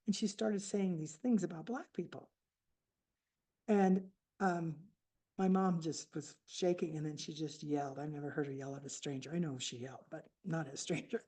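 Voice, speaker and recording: A woman in her seventies telling a personal story at a book fair, reflective and halting with restarts. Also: sits low, dark tone. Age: 70s. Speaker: author speaking at a book fair.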